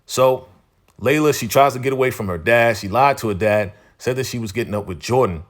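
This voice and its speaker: A man's voice: mid-range voice, fairly quick. A man hosting a TV episode recap in casual spoken narration, conversational and repetitive, leaning on "you know" as he goes. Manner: conversational, repeats phrases, leans on "you know".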